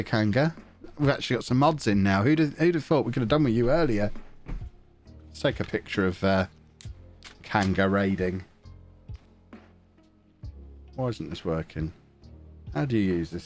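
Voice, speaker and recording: A man's voice: mid-range voice, expressive, a little fast, soft background music. A man with a sniffly, stuffed-up nose, chatting casually and rambling through a live stream while he plays a management game.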